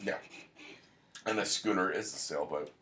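A man with a lowish voice talks in a loose, casual podcast chat. He rambles, cracks jokes and drifts off on quick tangents while explaining a show to his co-host. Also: bright, forceful tone, echoey room, a little hiss or hum.

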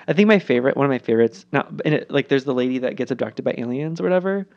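A woman's voice: extremely low pitch, lively intonation, racing, darkish tone, muffled recording. A woman co-hosting a casual political chat podcast, swearing freely and acting out quotes in funny voices.

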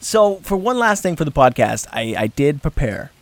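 Young male podcast host, gravelly, casual rambling chat with frequent laughter. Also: fairly high pitch, very animated, moderate pace, background noise. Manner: laughs often, rambling with restarts.

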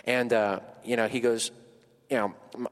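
A man in his thirties preaching a sermon in a church sanctuary, telling a personal story in a chatty way with lots of fillers, his voice climbing high when he gets emotional. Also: little pitch movement, moderate pace, long reverb tail. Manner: conversational, many fillers, rises high and emotional at peaks. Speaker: pastor.

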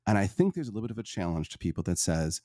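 A man's voice: low-pitched, big pitch swings, racing, mellow, no room sound, clean studio sound. A middle-aged man, a life coach and guest, answering interview questions in an earnest, heartfelt and reflective way.

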